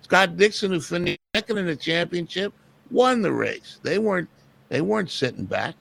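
A man's voice: sits high, animated, moderate pace, creaky, fairly bright tone. A man co-hosting a motorsports radio show, matter-of-fact with dry asides. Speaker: radio co-host. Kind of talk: casual sports radio banter.

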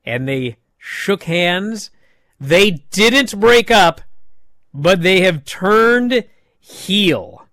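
High-voiced chatty man recapping. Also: no echo, clean studio sound. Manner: chatty, animated retelling with many "like" fillers. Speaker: wrestling show recap host. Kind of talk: casual recap commentary.

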